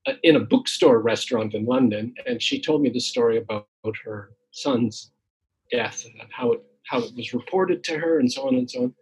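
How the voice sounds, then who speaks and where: A man's voice: medium pitch, moderate pace, darkish tone, slightly rough, rough recording. A man in his sixties, a retired academic poet, telling his story in casual conversation with many fillers and restarts. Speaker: guest poet. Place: home, tree shredding outside.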